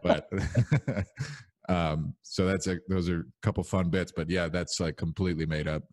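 Young male podcast host, very deep voice, loose rambling storyteller. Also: steady tone, moderate pace, darkish tone. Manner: rambling storyteller, many fillers. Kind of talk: casual chat.

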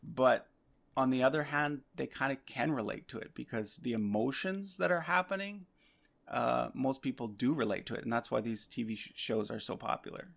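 Gravelly-voiced man chatting casually. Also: mid-range voice, normal speed. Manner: relaxed, rambling with many fillers. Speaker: podcast guest, history chart maker. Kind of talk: casual podcast conversation.

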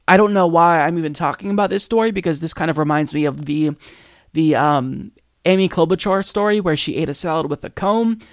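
A man's voice: a little high, brisk, no echo, clean studio sound. A male podcast host delivering political commentary as an exasperated rant, full of rhetorical questions and swearing.

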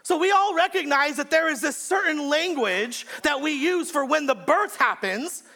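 A male pastor preaching a sermon in an emphatic style, repeating phrases and swinging between shouts and hushed lines. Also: extremely high pitch, lively intonation, normal speed, creaky.

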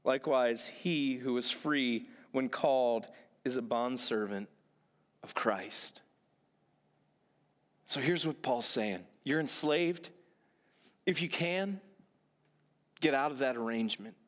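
Speaking slowly with long pauses, a pastor delivers a sermon in a mid-range voice. The recording has a long hall echo, and he comes across as earnest, asking rhetorical questions and repeating phrases for emphasis.

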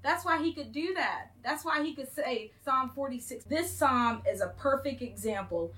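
Animated woman co-hosting a faith podcast. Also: sits high, normal speed. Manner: animated, emphatic, playful. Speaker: podcast co-host. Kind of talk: faith podcast chat and teaching.

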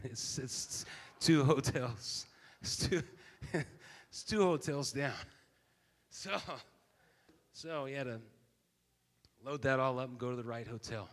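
A man in his fifties preaching a sermon as a pastor, telling a story and then building to loud, emphatic preaching. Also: medium pitch, measured pace, long pauses. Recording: long reverb of a large hall.

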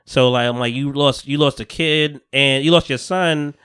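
A man's voice: medium pitch, normal speed, clean tone. A man hosting a podcast, casually recapping a TV episode with lots of laughter and acted-out lines. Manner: animated storytelling, acts out characters, laughs a lot. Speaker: podcast host.

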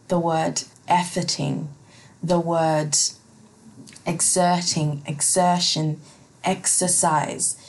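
A woman with a low, darkish voice and a non-American accent hosts a casual solo podcast. She is chatty and profane, laughing often as she reads listener questions.

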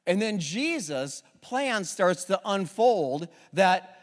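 Animated pastor man in an echoey church. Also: sits high, takes it slowly. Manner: animated, call-and-response with congregation. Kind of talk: sermon introduction. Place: church sanctuary.

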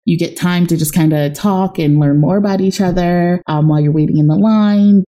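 Laughing, animated woman telling stories. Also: lowish voice, moderate pace. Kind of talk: casual chat, storytelling.

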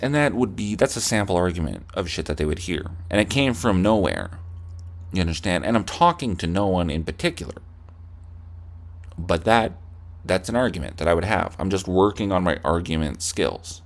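A man's voice: low voice, sing-song, normal speed. A young man hosting a comedy podcast, ranting profanely and acting out heated arguments with himself. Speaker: podcast host. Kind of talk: comedic rant.

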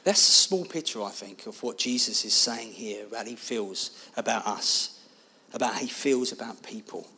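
A man preaching a sermon, telling a personal story in an animated, expressive way. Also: fairly low pitch, moderate pace, slight background noise.

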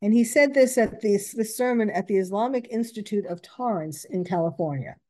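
A woman's voice: mid-range voice, fairly quick, darkish tone. A woman commenting on news reports, reading out quotes and stopping to correct herself.

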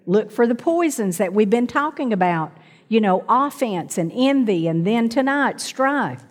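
A woman's voice: fairly high pitch, long reverb tail. A middle-aged woman preaching a sermon to a congregation, calling out for amens and asking them to repeat after her. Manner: calls out to the congregation, asks for amens.

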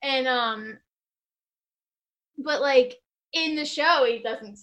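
A woman's voice: sits high, slow, a bit bright. An American woman in a casual chat, blunt about her dislikes and filling every sentence with "like". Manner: says "like" constantly, blunt opinions.

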